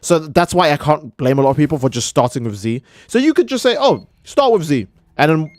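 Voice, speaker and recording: A man's voice: on the high side, big pitch swings, fast talker, dry recording. A man streaming live, ranting in a heated, profane way and often restarting his sentences. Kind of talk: casual live-stream rant.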